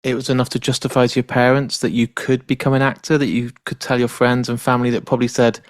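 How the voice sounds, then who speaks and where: A man's voice: medium pitch, little pitch movement, fast talker, no echo. A man hosts a podcast and asks long, rambling questions in a chatty, friendly flow. His voice sounds close and dry, with no room around it. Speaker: podcast host. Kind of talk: casual interview chat.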